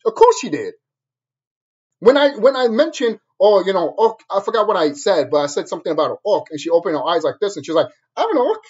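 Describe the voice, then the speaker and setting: Husky man in an angry, repetitive rant. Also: high-pitched, lively intonation, fast talker, darkish tone, lo-fi sound. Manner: angry, repetitive, hammering the same phrases. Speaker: vlogger. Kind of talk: profane ranting monologue.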